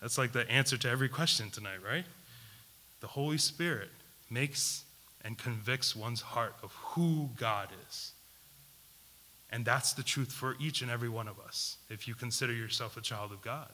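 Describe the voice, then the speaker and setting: A man preaching a sermon, putting questions to his listeners and repeating key words for emphasis, swinging between loud and hushed delivery. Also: medium pitch, moderate pace. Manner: asks the audience questions, emphatic repetition.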